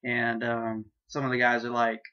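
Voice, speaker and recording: A man talks through a manga chapter in a loose, excitable way. He swears freely and laughs at the funny bits, at a middling pitch. The recording sounds dull and lo-fi. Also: moderate pace. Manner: excitable, profane, laughing, retells scenes loosely. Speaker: manga reviewer. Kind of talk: casual manga chapter review.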